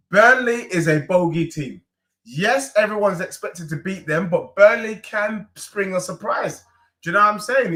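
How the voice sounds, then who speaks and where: A man's voice: sits high, pushed and bright. A man, chatting animatedly and emphatically as a football fan streamer on a live reaction stream. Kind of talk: casual live reaction chat.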